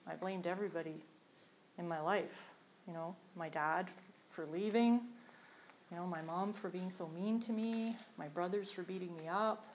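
A middle-aged woman in a recovery program gives a candid personal testimony about her recovery journey, earnest and self-deprecating, full of fillers and restarts. Her fairly low voice moves at normal speed over a low-quality recording with a little hiss or hum.

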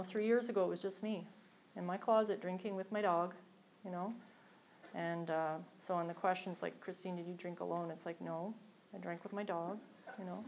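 A woman's voice: mid-range voice, a little hiss or hum. A middle-aged woman giving a candid, rambling personal testimony with self-deprecating humor to a group in a meeting room. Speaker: speaker sharing her recovery story.

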